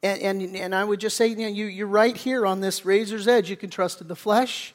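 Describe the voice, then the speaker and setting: A man's voice: high-pitched, steady tone, fairly quick, few pauses. A man preaching a sermon as pastor, talking conversationally and acting out quoted voices, with frequent restarts. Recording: church hall reverb.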